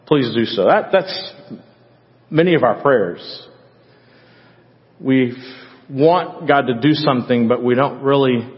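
Passionate pastor preaching in a reverberant church. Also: male voice, mid-range voice. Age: adult parent. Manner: conversational preaching that swells loud and passionate. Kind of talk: sermon. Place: church sanctuary. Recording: dull sound with long hall reverb.

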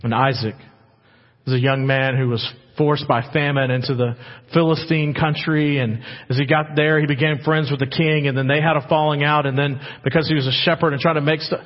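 A man's voice: on the high side, fairly even intonation, fairly quick. A man preaching a dramatic sermon as a pastor, acting out God's words in quoted lines. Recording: muffled with long hall reverb.

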